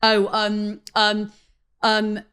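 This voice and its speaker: A woman's voice: medium pitch, monotone, very slow, fairly bright tone, clean tone. A woman in her twenties co-hosting a podcast, guessing songs in casual chat, hesitant with ums. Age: 20s. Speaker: podcast co-host, quiz contestant.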